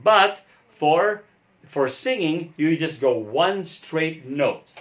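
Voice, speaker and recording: A man teaching voice with an unhurried delivery, walking through each step patiently. His pitch rises and falls widely as he demonstrates yawns and sung notes. He talks like a pastor coaching his choir. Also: lively intonation. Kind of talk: singing lesson.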